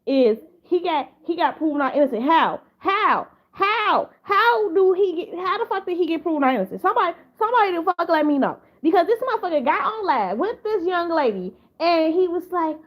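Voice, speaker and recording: A woman's voice: extremely high pitch, sing-song, brisk, hardly any pauses. A woman giving casual drama commentary to camera, rambling and profane, with many repeated restarts. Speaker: commentary vlogger.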